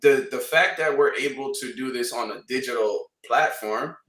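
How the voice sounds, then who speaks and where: A man from Canada talking casually on a trading livestream panel, animated and slangy, repeating points for emphasis. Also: medium pitch, normal speed, reverberant, far from the mic.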